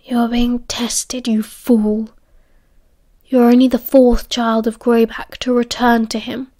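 A woman's voice: fairly high pitch, level tone, slow. A woman whispering as a sly young male werewolf schemer. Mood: conspiratorial. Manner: hushed, urgent whispering.

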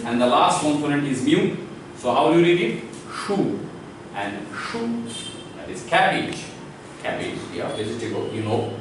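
A man's voice: fairly high pitch, heavy reverb, distant mic, a little hiss or hum, poor audio. A man with an Indian English accent teaching an online language lesson, repeating sounds and quizzing viewers.

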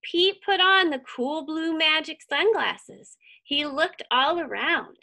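A woman reading a picture book aloud to children, animated and stopping to ask them questions. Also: high-pitched, slow pace, gravelly, few pauses. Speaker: children's story reader.

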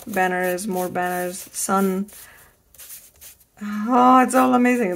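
Middle-aged woman host, unhurried, gravelly, effusive craft haul, faint background hiss. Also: mid-range voice, fairly even intonation. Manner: gushing, enthusiastic, repeats praise words. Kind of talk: casual product haul show-and-tell.

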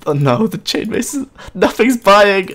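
A man hosting a gaming channel, commentating his play live in an excitable, playful way, often jumping into high-pitched outbursts and laughing at his own misfortune. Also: measured pace. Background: game background music.

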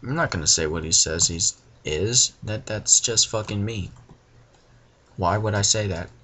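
A man's voice: lowish voice, measured pace. Profane young man ranting over a game. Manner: profane, frustrated ranting, bursts into yelling. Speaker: gamer. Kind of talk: let's play commentary.

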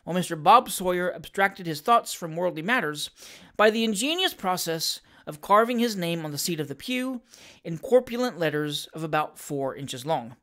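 A reader narrating a classic novel aloud in a measured, steady manner. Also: medium pitch. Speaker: audiobook reader.

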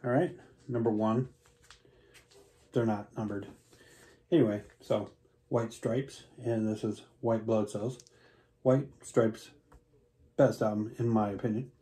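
Low mellow man rambling about records. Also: fairly even intonation, takes it slowly, pauses often. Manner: rambling, filler-heavy, enthusiastic. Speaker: vinyl collector reviewing records. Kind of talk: casual record review vlog.

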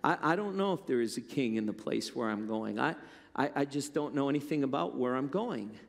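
A man voicing an old male master near death who answers in a low, subdued way. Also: animated, fairly quick, gravelly. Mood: resigned. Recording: long hall reverb.

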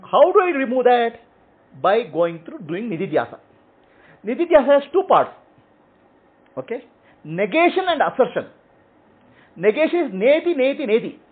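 A man's voice: extremely high pitch, very animated, moderate pace, long pauses, slightly rough. A man teaching and answering questions, explaining in short repeated phrases and checking in with "okay?". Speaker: spiritual teacher. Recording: tinny phone-like audio.

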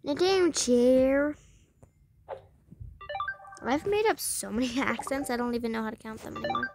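High-voiced young woman chatting over gameplay. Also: moderate pace, creaky, long pauses, a little mellow, soft background music. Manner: chatty, rambling, talks to the game and viewers. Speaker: gameplay vlogger. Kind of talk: casual gameplay commentary.

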